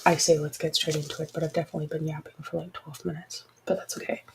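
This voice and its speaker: A woman's voice: low-pitched, flat delivery, quick pace, gravelly, background noise. A woman hosting a casual livestream, talking frankly and chattily with apologetic asides to her listeners. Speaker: podcast host.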